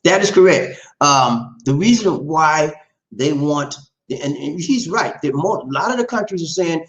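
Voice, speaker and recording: Lively rambling male stream host. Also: a little high, normal speed. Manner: rambling, emphatic, repeats phrases, addresses viewers as "man". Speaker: livestream host reading viewer comments. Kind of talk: casual live-stream commentary on news. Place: lives in the Philippines. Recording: echoey room.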